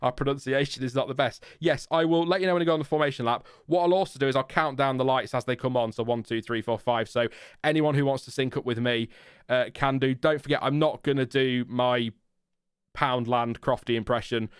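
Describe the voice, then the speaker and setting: Here a British man runs a watchalong stream from his home room, laughing often and joking at his own expense. His mid-range voice moves a little fast and has a clear, resonant tone. A desk mic and headphones give studio-quality audio with no room sound.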